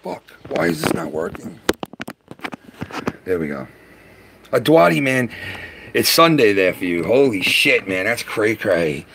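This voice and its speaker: A man chatting loosely with viewers on a live stream from his garage, excitable and profane, laughing often and stumbling over words. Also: fairly low pitch, unhurried, creaky, long pauses, noisy background. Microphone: phone.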